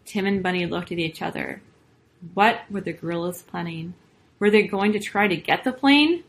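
Woman storyteller reading a children's story aloud, expressive delivery. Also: fairly low pitch, normal speed, poor audio.

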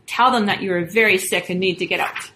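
A woman's voice: medium pitch, fast, noisy background, close to an everyday voice. Storybook guerrilla soldier, man, stern and threatening, read by a woman.

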